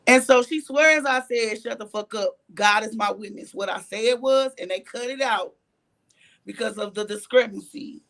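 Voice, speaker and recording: A woman's voice: fairly high pitch, moderate pace. A woman guest in an interview, telling a candid story bluntly and profanely, acting out the lines of others. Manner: animated, blunt and profane, acts out quoted dialogue. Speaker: interview guest, reality show cast member.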